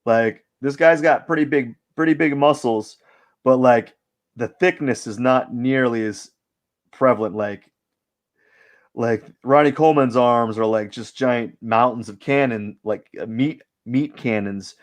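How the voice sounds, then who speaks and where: A man talks his way through a live drawing session in easygoing stream commentary. He rambles and thinks aloud, dropping filler words as his thoughts wander. His voice sits at an ordinary middle pitch. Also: a little slow.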